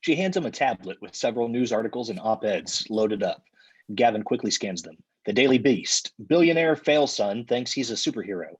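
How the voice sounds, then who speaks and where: A man reading the stage directions deadpan in a live comedy table read. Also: medium pitch, a little fast, slightly rough, muffled recording.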